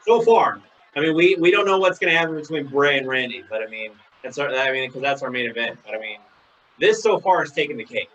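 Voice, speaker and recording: A man hosting a live wrestling reaction chat, excitable and swearing, breaking into mimicking outbursts. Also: medium pitch, fast talker, slight background noise, low-quality recording. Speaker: show host.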